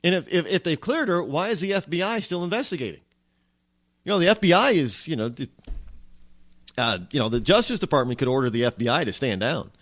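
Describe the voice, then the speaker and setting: A man's voice: mid-range voice, big pitch swings, fast talker, a bit bright. A man hosting a talk radio show, rambling and wry, with frequent restarts as he muses aloud. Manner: rambling, wry, self-interrupting. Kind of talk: casual talk radio monologue.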